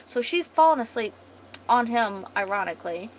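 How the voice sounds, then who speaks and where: A woman's voice: a little high, lively intonation, moderate pace, slight background noise, poor audio. A woman streamer casually retelling a story, rambling and swearing freely.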